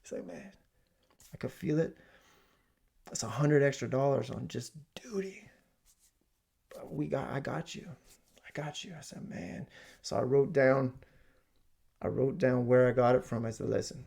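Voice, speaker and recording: Gravelly man ranting comedically. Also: medium pitch. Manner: animated storytelling, swinging from loud exclamations to hushed asides. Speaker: comedic ranter. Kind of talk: comedic rant. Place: home basement.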